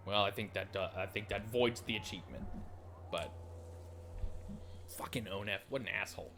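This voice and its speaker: A man commentating his play of a story-driven strategy game, reacting with sudden excited outbursts and the odd curse while reading the game's text aloud. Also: fairly low pitch, normal speed, gravelly, long pauses, a little hiss or hum. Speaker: gaming streamer. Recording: game music under the voice. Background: game music.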